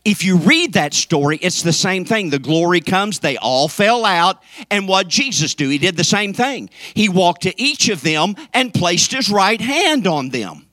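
A man preaching a sermon with fervor, swinging from shouted calls to the congregation down to near whispers. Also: sits high, big pitch swings, measured pace, hardly any pauses, dry recording. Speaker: pastor.

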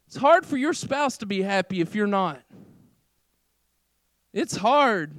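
High-voiced pastor preaching casually. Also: male voice, takes it slowly, dry recording. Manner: casual, conversational preaching with filler "like"; animated, swings between loud emphasis and quiet asides. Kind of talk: sermon.

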